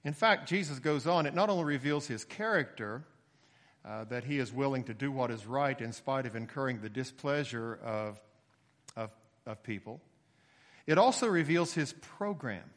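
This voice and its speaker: A man preaching an expository sermon in a steady, explanatory teaching voice, with occasional emphatic lifts. His pitch sits mid-range for a man. The sound carries a long reverb tail, as if heard across a church sanctuary. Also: normal speed.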